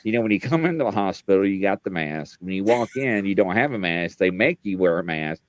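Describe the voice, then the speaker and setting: A man's voice: low voice, expressive, brisk, background noise. A man co-hosting a live show, telling rambling funny stories about his day and laughing at himself. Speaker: podcast co-host. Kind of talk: casual live-stream banter.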